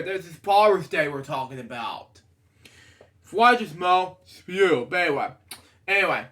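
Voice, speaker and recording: A man reading a picture book aloud, drifting into rambling personal tangents with sudden excited outbursts. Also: high voice. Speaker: reader of a children's book.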